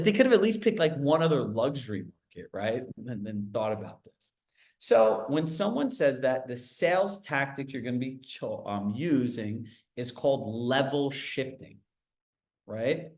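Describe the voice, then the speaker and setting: A man leading a live coaching call on a video call, talking with quick asides and quizzing his group. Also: medium pitch. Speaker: real estate sales coach.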